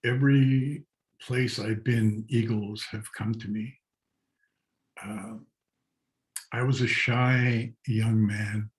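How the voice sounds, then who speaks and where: An older man telling stories slowly and reflectively on a video call, with soft laughs. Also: lowish voice, fairly even intonation, poor audio. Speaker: guest artist and storyteller. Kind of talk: storytelling talk.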